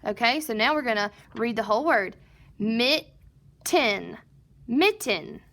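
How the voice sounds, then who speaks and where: A woman leads a recorded phonics lesson for first graders, patiently sounding out word parts slowly and answering her own questions. Her voice is a little high and a bit bright.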